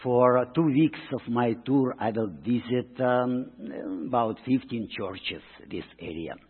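A man with a Russian accent, a missionary speaking to a church congregation in halting, broken English full of ums and uhs. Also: mid-range voice, breathy edge. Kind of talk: church presentation. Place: church sanctuary. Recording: tinny, reverberant church recording.

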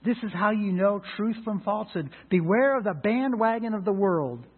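A middle-aged man preaching a sermon in an earnest way, rising to emphatic lines and dropping to quiet asides. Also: sits high, animated, moderate pace, breathy edge, narrow, tinny audio. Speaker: pastor.

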